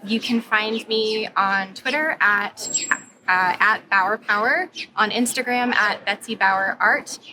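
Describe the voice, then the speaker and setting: A woman artist and teacher answers an interview question with encouragement. Her voice is bright and clear, with a direct, casual delivery. Faint restaurant noise sits in the background. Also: medium pitch, takes it slowly, rough recording. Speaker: visual development artist and teacher.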